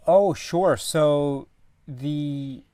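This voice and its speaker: Halting man, dry close sound. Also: fairly high pitch, dark tone, no room sound. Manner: halting, searching for words with many restarts. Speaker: guest commentator. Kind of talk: casual film discussion.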